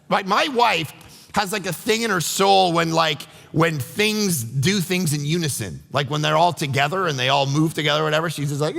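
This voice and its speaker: A middle-aged man preaching a sermon as pastor, animated and acting out quotes in voices. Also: on the high side, normal speed, creaky, in a large hall. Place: church sanctuary.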